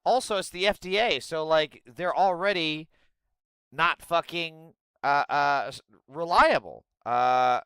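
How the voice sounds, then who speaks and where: A man hosting a livestream, ranting profanely and sarcastically and breaking into yelling outbursts. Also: on the high side, takes it slowly, clean tone, dry recording. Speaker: livestream host.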